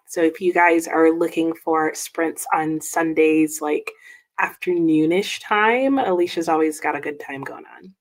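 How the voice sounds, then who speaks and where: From her home desk, a woman with a slightly low voice hosts a casual reading livestream. She greets viewers one by one, reading their comments aloud and reacting upbeat with small, bright exclamations.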